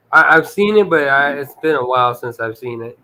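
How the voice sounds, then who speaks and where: A podcast host chatting casually about movies, easygoing and halting as he repeats words while he searches for them. His voice is bright and forward, at an ordinary pitch. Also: lively intonation, a little hiss or hum, rough recording. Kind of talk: casual chat.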